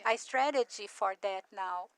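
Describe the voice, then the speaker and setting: A woman's voice: medium pitch, measured pace, fairly bright tone. A woman giving an interpreted lecture to an audience of professionals, talking in an emphatic, urging way and asking many rhetorical questions. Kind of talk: interpreted lecture on business marketing.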